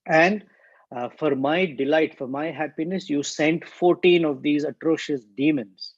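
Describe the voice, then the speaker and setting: A man's voice: fairly high pitch, measured pace, no room sound. Desperate wounded demoness, lamenting ; voiced by a man, dry dull sound. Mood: despairing. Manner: lamenting, pleading.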